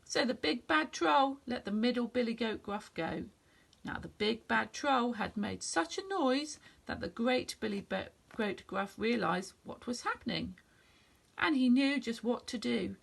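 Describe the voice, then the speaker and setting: A woman reading a children's story aloud in a gentle, expressive way. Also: fairly high pitch, a little slow, vocal fry, slightly rough.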